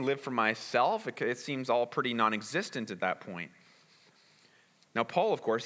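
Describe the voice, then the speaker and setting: A man's voice: on the high side, bright, forceful tone. A man preaching a sermon in a conversational way, often repeating words and asking "right?". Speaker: pastor. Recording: reverberant hall.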